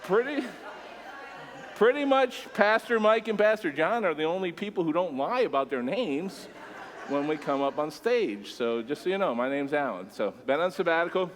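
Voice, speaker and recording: A man preaching a sermon as a church pastor, relaxed and conversational with jokes. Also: a little high, normal speed. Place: church sanctuary stage. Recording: long church-hall reverb.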